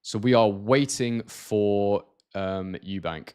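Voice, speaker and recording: A man's voice: fairly low pitch, slow pace, a little mellow, smooth. A man from Scotland hosting a casual live stream, reading out viewer comments and talking with many hesitations and restarts.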